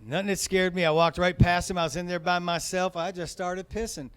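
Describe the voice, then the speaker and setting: Male stand-up comic, higher voice, profane and chatty, comedy club set. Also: steady tone, a little fast, background noise. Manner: profane, conversational, rambling.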